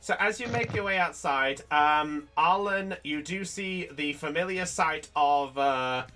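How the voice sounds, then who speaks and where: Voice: mid-range voice, unhurried, soft background music, low-quality recording. A game master narrating a tabletop game on stream, rambling and correcting themself. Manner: rambling, self-correcting, animated.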